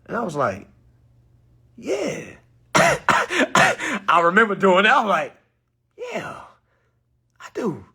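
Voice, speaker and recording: A young man telling a story to his audience, acting out the quotes with sudden high bursts and laughs. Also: wildly swooping pitch, slow pace, creaky, long pauses, sharp tone, slightly rough. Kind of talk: animated storytelling talk.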